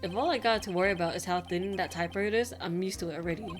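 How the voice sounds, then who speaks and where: A woman voicing a determined young male defense lawyer in her own voice, earnest and measured. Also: lowish voice, faint music behind, close to an everyday voice. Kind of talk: reading game dialogue aloud.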